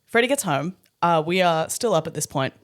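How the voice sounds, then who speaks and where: Woman podcast co-host, lively storyteller, laughs often, casual swearing. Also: lowish voice, fairly quick.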